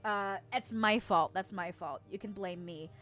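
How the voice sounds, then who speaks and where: A woman's voice: medium pitch, unhurried, fairly bright tone. A young adult woman streaming and casually chatting as she reads chat, bubbly and giggly with playful squeals.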